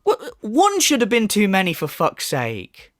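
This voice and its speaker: A man's voice: high-pitched, huge pitch swings, a little slow, fairly bright tone, no room sound, clean studio sound. A man delivering a profane, mocking commentary rant, often mimicking others in sneering voices. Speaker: commentary YouTuber. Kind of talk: ranting commentary.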